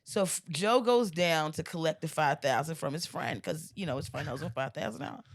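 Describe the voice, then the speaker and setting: A woman in her forties, a comedian guest, telling a long joke in casual podcast chat, animated and laughing often. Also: low-pitched, fairly quick. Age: 40s. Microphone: studio mic.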